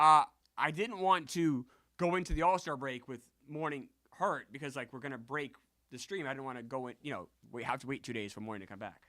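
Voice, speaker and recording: A man streaming a basketball video game, chatting and bursting into loud yelled celebrations, sometimes out of breath. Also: mid-range voice. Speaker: gaming streamer. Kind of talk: excitable gameplay commentary.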